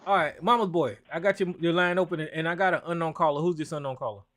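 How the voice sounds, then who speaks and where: Man, high voice, call-in host, blunt, profane, stammering. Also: fast, a bit bright, slight background noise. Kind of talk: casual call-in talk.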